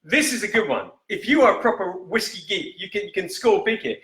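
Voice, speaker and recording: A man hosting a live-stream whisky quiz in a casual, chatty way, reading each question slowly and repeating it. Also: high-pitched, expressive, sharp tone. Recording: echoey room.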